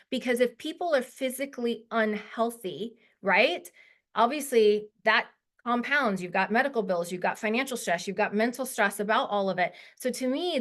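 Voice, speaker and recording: A woman in her forties, her voice on the high side and a bit bright, speaks as a guest on a webinar video call. Her talk is casual, emotional and heartfelt, chatty and full of fillers.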